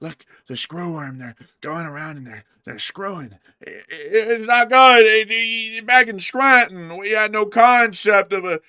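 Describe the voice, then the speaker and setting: A man doing a comedic impression of a confused elderly male politician who stammers, trails off and bursts out loudly. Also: high-pitched, fairly even intonation, unhurried, few pauses, clean tone, no room sound, clean studio sound, voice pushed up. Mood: rambling.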